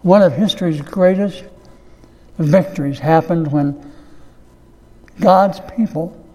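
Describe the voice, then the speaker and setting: Slow-preaching man in a big hall. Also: on the high side, warm tone. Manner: slow, emphatic preaching with repeated phrases. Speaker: pastor. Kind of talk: sermon.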